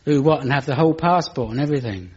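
A young British man doing stand-up storytelling on stage, dry and ironic, rising into high exasperated rants. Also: fast talker, darkish tone, slightly rough. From Britain. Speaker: comedian. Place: stage before a live audience. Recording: muffled live stage recording with audience.

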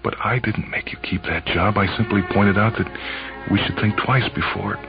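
A man reading aloud, voicing a gentle, quietly stubborn young wife in a soft, pleading tone over a dull, lo-fi radio recording. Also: lowish voice, moderate pace, creaky, over music, voice pushed up. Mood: tearful.

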